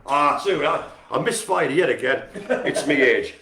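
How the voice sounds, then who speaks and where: A man hosting a community centre's live stream, giving casual, jokey shout-outs and poking fun at himself. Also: fairly high pitch, animated, normal speed, a crowd in the background. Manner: chatty, jokey and self-mocking. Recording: roomy echo.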